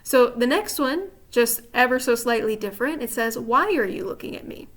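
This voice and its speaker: A woman with a fairly high voice teaches a writing lesson from slides. She explains each example patiently and often pauses to check that the listener is following along. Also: lively intonation. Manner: patient, explanatory, asks rhetorical check-in questions. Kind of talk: slide-based grammar lesson.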